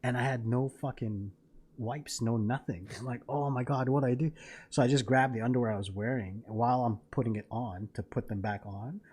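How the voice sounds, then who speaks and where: A man's voice: medium pitch, normal speed, a little mellow, slightly rough. A man in his thirties, a podcast co-host, casually telling a long story full of swearing and laughter. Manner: profane, rambling, laughing storyteller.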